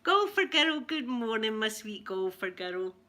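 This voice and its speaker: A woman's voice: on the high side, sing-song, measured pace, pushed and bright, a little hiss or hum. A woman with a Scottish accent hosting a casual live chat with viewers, telling stories and laughing often. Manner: chatty storyteller who laughs often. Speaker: livestream host.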